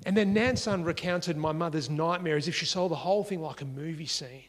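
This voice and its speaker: An Australian man telling a personal story in a lively, conversational way, acting out the dialogue as he goes, seated at home at a dining table. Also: on the high side, brisk, hardly any pauses, in a large hall. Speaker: speaker sharing a life story.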